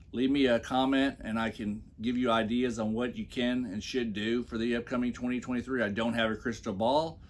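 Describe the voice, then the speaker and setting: A man giving mocking commentary on a post he reads aloud from his phone, with sarcastic, scornful asides. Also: medium pitch. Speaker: commentary vlogger.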